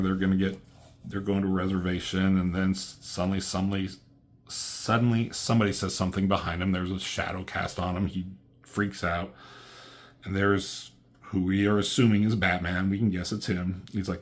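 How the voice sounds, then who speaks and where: A man casually walking through a comic book in a review, rambling with lots of fillers and loose, profane slang. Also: low-pitched.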